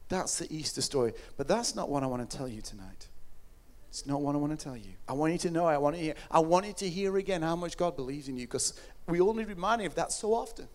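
A man with a high voice preaches an Easter sermon. He drops to near-whispers, then rises to fervent, near-shouted lines. His delivery is earnest and emotional throughout. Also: lively intonation, fast talker. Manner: impassioned, swings from hushed to loud.

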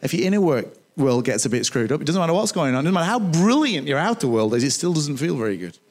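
A male pastor preaching a sermon in a church, chatty and animated, with humorous asides to the congregation. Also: fairly high pitch, fast talker.

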